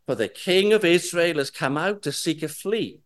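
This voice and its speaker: A man's voice: on the high side, animated, moderate pace, fairly bright tone. A man preaching an expository Bible sermon, reading the scripture aloud with dramatic rises and falls.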